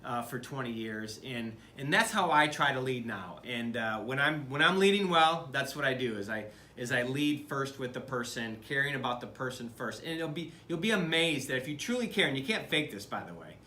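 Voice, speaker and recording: A man's voice: mid-range voice, animated, normal speed, few pauses, sharp tone, roomy sound. A middle-aged man from Michigan, a business leader talking earnestly to camera in a conversational way, with many fillers and restarts. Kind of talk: speaking to camera about leadership.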